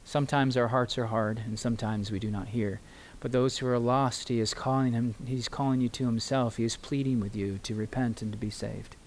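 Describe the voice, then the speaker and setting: A man preaching in a church with earnest, pleading emphasis. He draws out key words slowly as he speaks to his congregation. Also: medium pitch, steady tone, a little hiss or hum. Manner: addresses the congregation and tells a story. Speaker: pastor. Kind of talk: sermon.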